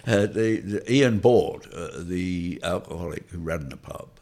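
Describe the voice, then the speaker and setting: Gravelly deep-voiced older man. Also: a little slow, darkish tone. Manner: wry, rambling, laughs through stories. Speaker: interview guest. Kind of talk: anecdotal reminiscing.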